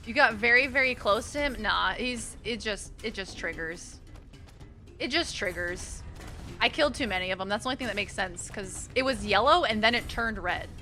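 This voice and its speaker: Bright-voiced woman streaming a game. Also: mid-range voice, lively intonation, normal speed, faint music behind. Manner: chatty, greets viewers, swears when frustrated. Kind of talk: casual gameplay commentary.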